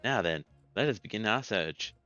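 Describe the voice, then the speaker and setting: A man voicing a calm, measured adult male companion who speaks deliberately, over a dull lo-fi game capture. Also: on the low side, dry recording, soft background music.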